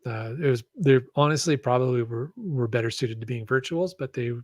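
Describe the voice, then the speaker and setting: A Canadian man appears as a guest on a casual podcast, rambling hesitantly with lots of ums and restarts. His mid-range voice has a darkish tone and a slightly fast pace, recorded with no echo.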